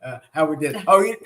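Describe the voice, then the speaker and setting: A man's voice: on the high side, a bit bright, slight background noise. A middle-aged man with a Southern US accent, hosting a live-stream teaching and talking in a folksy, rambling way with many fillers. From Southern United States. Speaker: spiritual teacher and show host.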